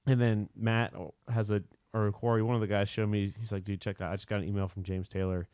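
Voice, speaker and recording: A man's voice: lowish voice, little pitch movement, a little fast, darkish tone, clear, resonant tone, no echo, studio quality. Laid-back podcast host man. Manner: laid-back, swearing, anecdote-telling. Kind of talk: casual podcast chat.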